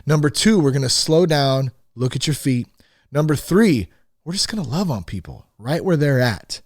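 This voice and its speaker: A man's voice: on the high side, animated, normal speed, dry recording, clean studio sound. A man hosting his own podcast, talking casually and self-deprecatingly with plenty of fillers. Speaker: podcast host. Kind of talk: casual solo podcast talk. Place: home in Northern California.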